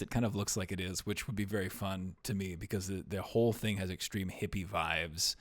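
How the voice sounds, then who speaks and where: A man with a low voice hosts a casual film podcast. He rambles and jokes in a wry, meandering way, and his sentences often sink into quiet mumbles. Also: steady tone, moderate pace, few pauses. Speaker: podcast host.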